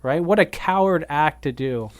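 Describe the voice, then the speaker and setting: A man's smooth, clear voice, recorded dry and close in a radio studio. He tells a story casually, with many fillers and "um"s, and rises in animated bursts at the key moments. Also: on the high side, normal speed, no echo. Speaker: guest activist, veteran.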